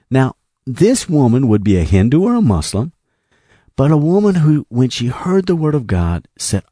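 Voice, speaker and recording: A man preaching in a lively, swooping voice, telling a story from the pulpit. His tone is mellow and dark, and the sound is close and dry. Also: on the low side, no room sound. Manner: animated storytelling, quoting others in his own voice. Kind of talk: sermon storytelling.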